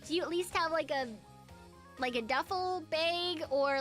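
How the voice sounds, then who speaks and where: A woman's voice: high voice, unhurried, music in the background. A young woman streaming as a VTuber, chatting casually with her viewers, swearing freely and grumbling in a mock-dramatic way.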